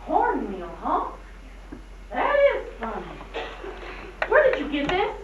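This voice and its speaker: An actress playing a brisk, no-nonsense woman keeping house in an old film. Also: high-pitched, wildly swooping pitch, heavy background noise, exaggerated voice. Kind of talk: 1940s film acting. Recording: echoey, distant, dull old film soundtrack.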